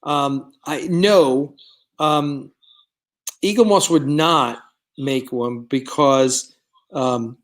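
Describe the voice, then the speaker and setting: A man's voice: mid-range voice, very slow, pauses often. A man hosting a live stream, chatting casually with viewers in a rambling way, with many fillers, and reading out their comments. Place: studio set of a starship bridge.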